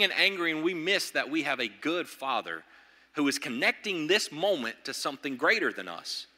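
Bright-voiced man preaching in a hall. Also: moderate pace. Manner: animated preaching, swings from loud and high to low and quiet. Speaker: pastor. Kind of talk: sermon. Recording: long hall reverb.

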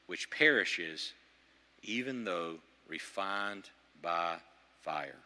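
A man preaching a sermon as pastor, animated, swinging from loud and high to low and quiet. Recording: long hall reverb.

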